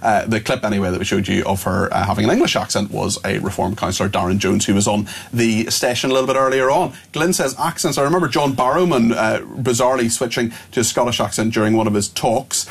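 A husky-voiced man with a Northern Irish accent hosts a radio talk show at a brisk clip. He chats with his guests, laughs easily and reads out listener messages between questions. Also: lowish voice. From Northern Ireland. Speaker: radio presenter. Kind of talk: live radio discussion.

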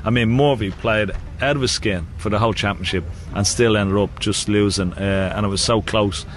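A man's voice: on the low side, fairly even intonation, normal speed, a little hiss or hum. A man with an Irish accent, a guest chatting casually in a radio interview, laughing often and using many fillers. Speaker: guest, former sports champion.

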